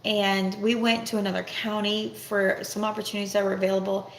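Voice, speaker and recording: A woman's voice: medium pitch, vocal fry. A middle-aged woman vlogging about family life in a candid, rambling, self-reflective way. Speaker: vlogger, homeschooling mother. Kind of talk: casual talk to camera. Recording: echoey room with faint noise.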